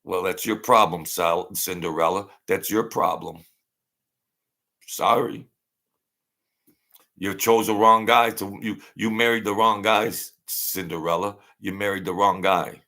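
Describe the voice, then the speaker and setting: A deep, gravelly middle-aged man, talking bluntly on a casual livestream. He rambles and circles back, repeating the same line a few times over. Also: fairly even intonation, a little slow, sharp tone. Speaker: livestream host.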